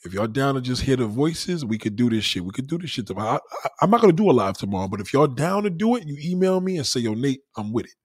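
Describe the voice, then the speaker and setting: Man, husky voice, dry close mic, rowdy profane livestream banter, medium pitch. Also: very animated, fast talker, few pauses, no room sound. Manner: loud, laughing, profane banter reacting to chat. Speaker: livestream host. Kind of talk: casual late-night livestream chat.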